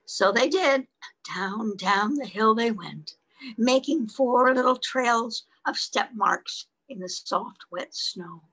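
A woman's voice: on the high side, lively intonation, takes it slowly, a bit bright. A woman reading a picture book aloud to toddlers, sing-song, stopping to ask them questions. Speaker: children's storyteller.

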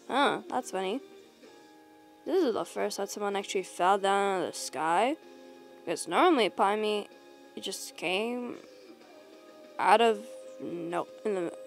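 A woman's voice: medium pitch, vocal fry, voice pushed down. A woman voicing a snarky, sarcastic male rabbit prankster in a fan audio role-play, mocking and swearing casually.

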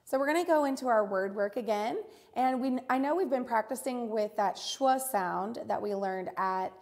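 A woman teaching an online reading lesson for young children, encouraging and repeating each word slowly. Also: fairly high pitch.

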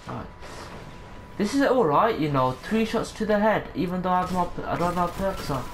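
A woman commentating her gameplay, excitable, breaking into high squeals, swearing and catchphrases aimed at her viewers. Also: normal speed, slight background noise. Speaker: gaming channel host.

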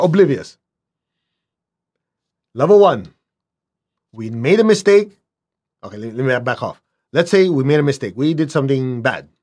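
A man teaching a spiritual lesson, who often checks in with his listeners and acts out little dialogues with big swings in pitch. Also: darkish tone. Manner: asks listeners to check in, "okay?", "make sense?".

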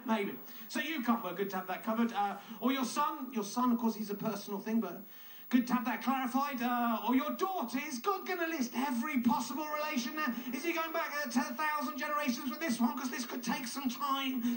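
A man with a very high, bright voice delivers a sarcastic, mocking comedic monologue. He nitpicks as he goes. The voice is heard from a distance in an echoey room with faint noise. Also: expressive, fairly quick.

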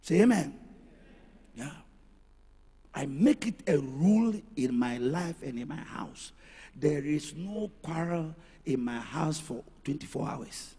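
A middle-aged man preaching a lively sermon, swinging from soft, intimate asides to loud shouts, with a raspy voice. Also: a little high, takes it slowly. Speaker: pastor. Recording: reverberant hall with music behind.

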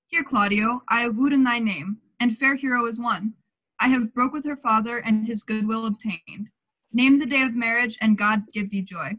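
A genial, scheming prince, played by a teenage girl, stately and fond of matchmaking. The voice is high. It comes over a home video call for a school play. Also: normal speed, fairly bright tone. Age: late teens. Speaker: student actor.

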